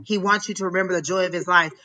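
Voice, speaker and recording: A woman doing a live psychic reading, emotional and halting, often repeating herself as she passes on messages. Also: lowish voice, fairly even intonation, sharp tone. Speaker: psychic tarot reader.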